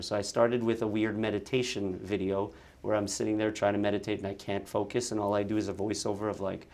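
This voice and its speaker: Man with a fairly low voice, chatty storyteller. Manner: lively storyteller, quick bursts, frequent restarts. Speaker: actor and content creator, guest. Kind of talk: casual interview chat.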